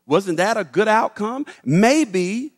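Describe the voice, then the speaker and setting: A man's voice: sits high, lively intonation, slow pace, voice pushed up, full character voice. A man doing an earnest eight-year-old boy. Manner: earnest, reassuring, innocent.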